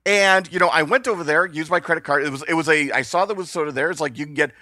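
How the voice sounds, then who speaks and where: A man co-hosting a podcast, chatting casually with lively, quick asides. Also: on the high side, no room sound. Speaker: podcast co-host. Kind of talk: casual chat.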